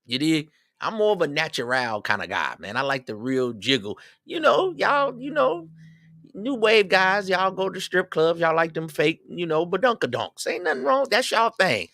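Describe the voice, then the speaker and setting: Man, middle-aged, streetwise slang, preachy, bright voice, dry room. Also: on the high side, sing-song, normal speed, no room sound. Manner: streetwise slang, preachy, joking, loud swings. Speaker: show host. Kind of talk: casual advice monologue.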